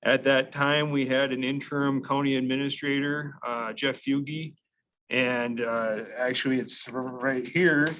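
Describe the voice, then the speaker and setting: A man's voice: medium pitch, little pitch movement, measured pace, a bit bright, poor audio. A man on county staff explaining an address change to a committee in a methodical way, with frequent fillers and restarts. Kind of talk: public meeting explanation.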